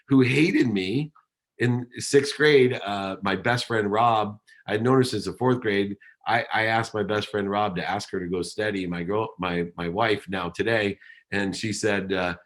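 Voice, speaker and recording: Middle-aged male keynote speaker, lowish voice, dramatic storyteller. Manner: dramatic storytelling, acts out quoted dialogue.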